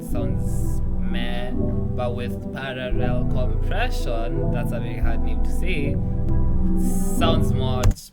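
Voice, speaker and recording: Rambling young man explaining beats. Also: medium pitch. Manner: rambling, self-mocking, swears casually, laughs at own jokes. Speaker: beat-making tutorial host. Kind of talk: casual screen-recorded tutorial.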